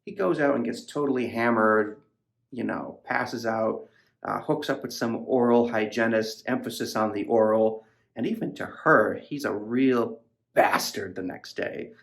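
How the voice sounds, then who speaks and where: A man's voice: lowish voice, a little slow, creaky. A man hosting a podcast, rambling casually about a novel in a profane, filler-heavy way. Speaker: podcast host reviewing a novel. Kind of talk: casual book discussion.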